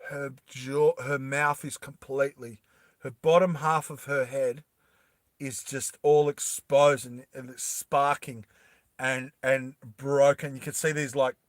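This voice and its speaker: A man casually retelling a film, animated and making sound effects. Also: medium pitch, slow pace, dry recording, clean studio sound. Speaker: storyteller.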